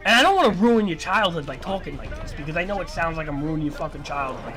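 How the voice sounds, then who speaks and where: A man's voice: a little high, animated, fast, few pauses, music in the background. A man streaming, ranting in a lecturing, repetitive and profane way. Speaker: livestreamer. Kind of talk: casual stream rant.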